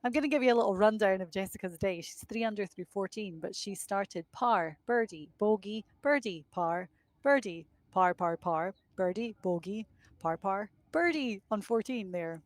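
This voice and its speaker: A woman's voice: mid-range voice, animated, normal speed, dry recording. Young woman, live golf commentator, windy outdoor course, chatty and self-mocking, dry close sound. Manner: chatty, self-deprecating, laughs at herself.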